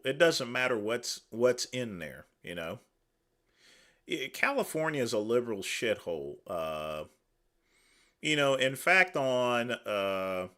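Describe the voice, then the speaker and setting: A man's voice: mid-range voice, bright, forceful tone. A man hosting a livestream, giving casual dismissive commentary full of fillers. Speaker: livestream host.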